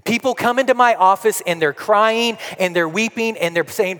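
Man, pastor, sermon, high voice, dramatic swings from loud to hushed, long church reverb. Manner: dramatic, swings from forceful to hushed, slow emphatic repetition. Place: church sanctuary.

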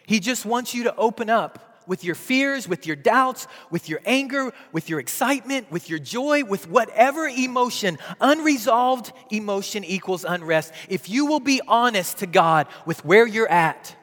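Pastor guy in his 30s, highish voice, echoey church, goes soft then loud and pleading. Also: animated, moderate pace, few pauses. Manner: storytelling, swings from hushed to loud pleading. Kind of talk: sermon.

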